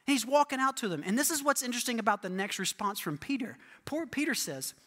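A male pastor preaching a sermon with animated storytelling, often asking listeners "right?". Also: very high voice, quick pace, few pauses, long reverb tail.

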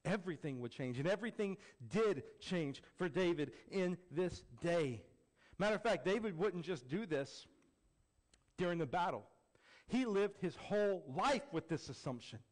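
A man preaching a sermon as a pastor, building to emphatic peaks and then dropping low and quiet. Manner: acts out quoted voices with jokey flair.

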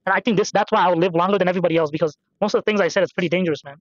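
Racing through a game in a high voice, a young commentator rambles self-deprecatingly, swears casually and thinks aloud. There's no echo, but the highs are cut off.

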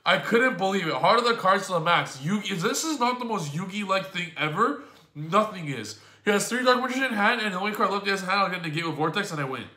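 A man's voice: high voice, expressive, fast, pushed and bright, echoey room. A man recapping his card game matches in a rambling, exasperated play-by-play, swearing often. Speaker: YouTube gaming host.

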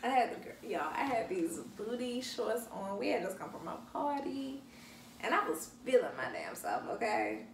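A woman's voice: fairly high pitch, big pitch swings, moderate pace, creaky. A woman co-hosting a podcast in casual chat, playful and teasing as she tells stories. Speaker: podcast co-host. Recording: roomy echo, distant mic, faint noise.

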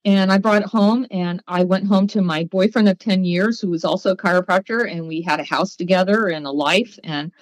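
Animated woman telling a story, dry sound. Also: lowish voice, a little fast, few pauses, no room sound, poor audio. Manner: animated storyteller acting out quoted voices. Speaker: guest, psychic. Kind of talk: storytelling in a podcast interview.

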